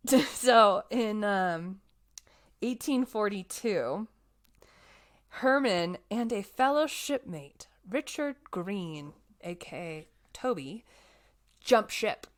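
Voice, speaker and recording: A young woman telling a life story in a casual, animated chat, full of fillers. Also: medium pitch, extremely slow.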